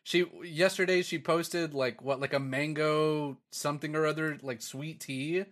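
A man, co-hosting a podcast and telling animated stories with frequent laughter. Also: a little high, a little slow. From Texas. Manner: animated storyteller, laughs often. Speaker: podcast co-host. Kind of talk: casual chat.

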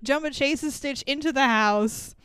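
A woman's voice: sits high, unhurried, fairly bright tone, no room sound, clean studio sound. A woman co-hosting a podcast, casually recapping a film with lots of swearing and laughter. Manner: profane, laughing, acts out quotes. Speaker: podcast co-host. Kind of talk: casual chat.

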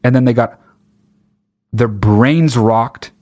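A man ranting with sarcasm and heavy swearing, mocking others in high put-on voices. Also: takes it slowly, a little mellow. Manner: angry, sarcastic, swears a lot. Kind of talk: profane ranting monologue.

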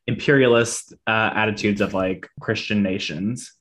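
A man's voice: on the low side, fairly even intonation, moderate pace, a bit bright, a little hiss or hum. A man co-hosting a casual podcast, talking through a film in a loose, hedging way full of fillers. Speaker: podcast co-host. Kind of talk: casual movie discussion.

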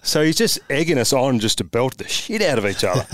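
An Australian man, a former footballer, telling blunt, animated stories as a podcast guest with mild swearing. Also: mid-range voice, a little fast, no echo, studio quality. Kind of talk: casual storytelling chat.

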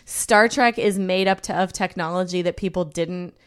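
A woman's voice: fairly low pitch, normal speed, clear, resonant tone. A woman hosting a podcast, chatting casually and laughing while teasing her co-hosts. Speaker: podcast host. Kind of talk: casual chat.

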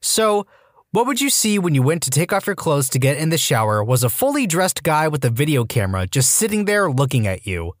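A male narrator reads online stories in a scripted but animated way, dipping into quick character voices. His voice sits a bit high and moves a lot. The sound is dry and close, with no room around it. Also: no room sound. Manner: lively reading with voiced character quotes. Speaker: story narrator.

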